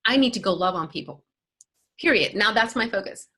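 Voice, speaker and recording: A woman's voice: medium pitch, expressive, brisk, bright, forceful tone. A woman life coach talking in an interview, emphatic and motivational, often acting out quoted voices.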